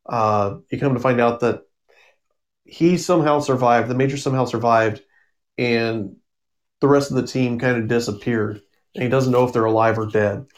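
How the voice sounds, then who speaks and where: A man's voice: mid-range voice, steady tone, normal speed. Casting: easygoing guy chatting about comics, mid-range voice, loose and rambling. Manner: rambling, with frequent ums and self-corrections. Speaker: comic book reviewer. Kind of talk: casual spoken review.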